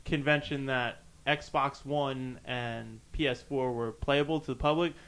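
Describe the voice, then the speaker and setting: A man's voice: medium pitch, steady tone, measured pace, a bit bright. A man hosting a casual gaming podcast, talking in a laid-back, chatty way. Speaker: podcast host.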